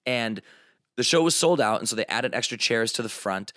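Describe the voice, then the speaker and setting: A man's voice: mid-range voice, moderate pace, no room sound, studio quality. A man in his thirties from the Chicago area, a comedian guest telling stories with frequent laughs in casual podcast chat. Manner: animated storyteller, laughs often.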